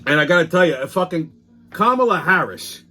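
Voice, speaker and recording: A man's voice: a little high, animated, normal speed, bright, forceful tone. Profane, heated man ranting. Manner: profane, heated, sarcastic, rambling with restarts. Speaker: host of a weekly political commentary show. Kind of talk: casual ranting commentary.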